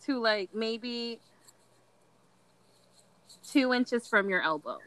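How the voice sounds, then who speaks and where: A woman's voice: on the high side, lively intonation, extremely slow, a bit bright, clean tone, low-quality recording. A young woman telling a candid story in casual chat, dramatic and laughing often. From Latin American heritage.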